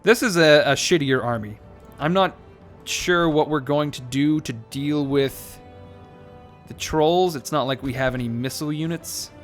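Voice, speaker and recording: A man's voice: on the high side, unhurried, faint music behind. A man giving casual let's play commentary on a strategy game, sarcastic and joking, swearing and rambling as he plays. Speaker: gaming commentator.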